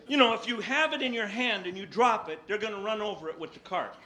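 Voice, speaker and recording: A man from Tennessee doing stand-up, telling a long story in an animated, exaggerated way. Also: very high-pitched, fast talker, few pauses. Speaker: stand-up comedian. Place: stage before a live audience. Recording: live stage with audience laughter.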